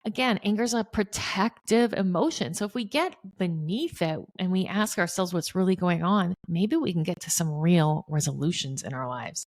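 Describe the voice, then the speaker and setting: A woman's voice: fairly low pitch, moderate pace, hardly any pauses, darkish tone. A middle-aged woman hosting a solo podcast, talking earnestly and speaking straight to her listeners. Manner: earnest, addresses listeners directly. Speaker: podcast host.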